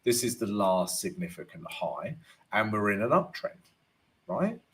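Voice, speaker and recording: A man's voice: on the low side, very animated, unhurried, a bit bright. A man hosts a live chart-analysis stream in an easygoing, chatty way. His voice rises and falls a lot while he talks, and he takes his time. He keeps checking in with "right?" and greets viewers by name. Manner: peppers talk with "right?" and "you know". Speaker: forex trading analyst and host.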